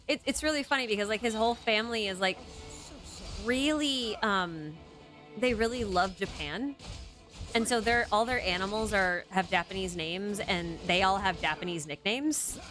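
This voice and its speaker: A woman's voice: medium pitch, a bit bright. A young adult woman hosting a casual chat, rambling and interrupting herself, often laughing mid-sentence. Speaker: host.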